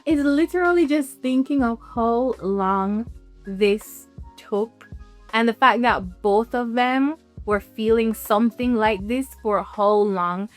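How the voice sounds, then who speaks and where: A woman from Jamaica chatting casually in a reaction video, animated and emphatic, repeating phrases. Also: on the high side, takes it slowly, faint music behind.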